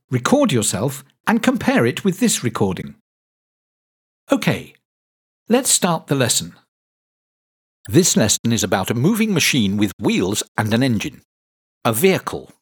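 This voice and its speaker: A man teaching pronunciation in a slow, clearly enunciated lesson narration, drawing out each word for listeners to repeat. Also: mid-range voice. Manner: deliberate, drawn-out modelling of words for repetition.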